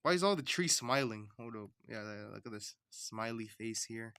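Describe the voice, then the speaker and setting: A man's voice: lowish voice, lively intonation, normal speed, bright, forceful tone, smooth, no echo. A man streaming while he draws and animates, talking to himself in a rambling, chatty way. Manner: rambling, chatty self-talk. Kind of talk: casual livestream chat.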